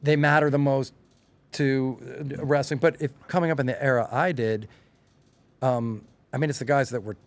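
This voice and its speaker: A middle-aged man from Long Island with a slight Long Island accent, chatting casually as a podcast guest and telling stories with lively, acted-out quotes. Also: mid-range voice, moderate pace. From Long Island, New York. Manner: animated storyteller, acts out quotes with rising excitement. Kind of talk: casual chat.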